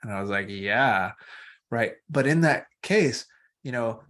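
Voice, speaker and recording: A man's voice: mid-range voice, moderate pace. Male meditation teacher, loose and playful, drifts off on tangents, video-call mic. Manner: rambling, playful, animated, swears casually. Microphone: external microphone on a video call.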